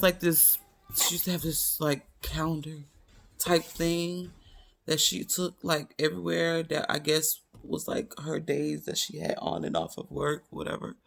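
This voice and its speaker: A young woman tells a personal story to her camera in a loose, chatty way. She swings into quoted voices, and her tone is bright with a gravelly edge of fry. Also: on the low side. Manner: animated, quotes people in raised voices, drawls "baby". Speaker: vlogger. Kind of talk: casual storytelling.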